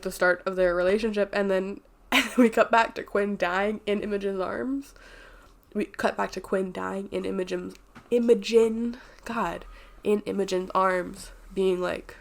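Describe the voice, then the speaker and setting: A woman's voice: medium pitch, vocal fry. A woman who is a candid, rambling book reviewer, swears freely, casual vlog delivery.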